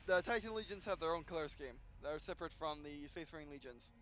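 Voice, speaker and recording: A man hosting a gameplay video, reading tutorial text aloud with halting restarts and yawns. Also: on the high side, lively intonation, fairly bright tone, lo-fi sound, a little hiss or hum. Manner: halting, frequent restarts, yawning. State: yawning.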